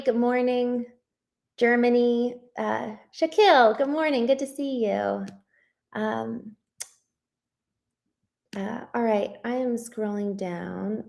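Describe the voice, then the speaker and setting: A woman's voice: on the high side, creaky. A woman hosting a live spiritual study stream, reflecting and greeting viewers from the chat in a casual, rambling way. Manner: warm greetings to viewers, frequent ums and restarts.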